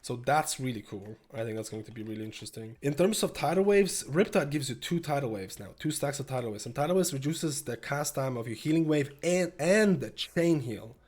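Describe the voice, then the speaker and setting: A young man with a slightly stuffy nose, giving casual gameplay commentary that jumps from steady explaining to excited bursts. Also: medium pitch, fairly quick, few pauses. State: slightly stuffy, a little sick. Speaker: gameplay streamer.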